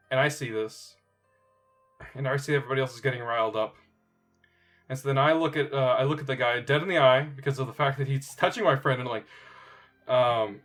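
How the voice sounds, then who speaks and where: A man playing a tabletop game, animated and excitable, often laughing. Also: mid-range voice. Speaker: player. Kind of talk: casual tabletop play.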